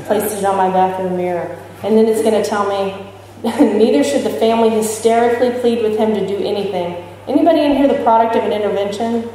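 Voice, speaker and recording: A brisk woman with a dark, medium-pitched voice gives a talk at a recovery convention. Openly sharing her recovery, she jokes with and questions the audience gathered in a large hall. Recorded from far off, the echoey clip has slight background noise.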